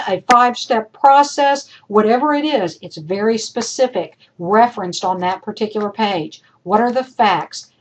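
A woman's voice: on the high side, poor audio. A woman instructor recording spoken feedback for her students, emphatic and repetitive, calling them folks as she works through points. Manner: emphatic, repeats points, addresses class as folks. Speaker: college instructor.

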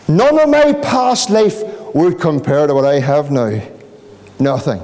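Slow, pleading Northern Irish preacher. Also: male voice, lively intonation. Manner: pleading, rising to impassioned pitch and slowing to hushed questions. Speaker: pastor. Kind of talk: evangelistic sermon. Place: church hall. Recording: long hall reverb.

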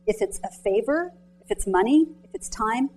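Chatty, animated woman giving a motivational talk. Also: on the high side, normal speed, soft background music, poor audio. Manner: chatty, animated storytelling with many "like"s; quizzes the audience directly. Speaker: author speaking to students and mentors. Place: lecture room.

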